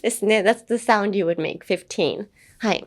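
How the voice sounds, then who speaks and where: A woman's voice: medium pitch, unhurried. A young woman hosting a casual podcast lesson, chatting playfully and repeating words over and over to demonstrate how they sound. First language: English. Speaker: podcast host teaching English pronunciation.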